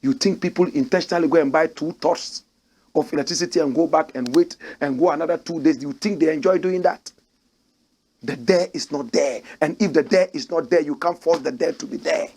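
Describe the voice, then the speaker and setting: A man's voice: fairly high pitch, brisk, slight background noise. A middle-aged man hosting a fiery, mocking political commentary rant. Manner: fiery, mocking, rising to shouts. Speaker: commentary show host.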